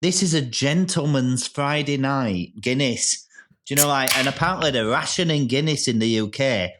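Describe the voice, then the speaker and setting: A man hosting a casual podcast chat, talking loudly and excitably, rambling with lots of restarts. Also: medium pitch, normal speed, a little hiss or hum. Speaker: podcast host and comedian.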